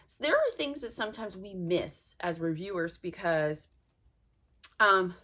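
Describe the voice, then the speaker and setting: A woman's voice: medium pitch, very animated, unhurried, bright, forceful tone. A young woman reviewing a clothing subscription box in a casual unboxing vlog, talking in a frustrated, rambling way with many "like"s. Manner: frustrated, fills talk with "like".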